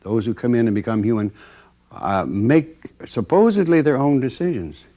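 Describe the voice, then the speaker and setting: A man's voice: medium pitch, moderate pace. A man giving a storytelling talk, acting out the voices of the people in it, with plenty of ums and uhs. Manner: animated, acts out voices, many fillers. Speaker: lecturer.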